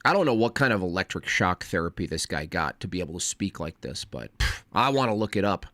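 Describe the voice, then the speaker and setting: Guy rambling fast on his stream, lots of restarts, pitch jumps around. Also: lively intonation, pushed and bright, no room sound. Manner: fast, wordy, frequent restarts. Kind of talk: casual livestream commentary.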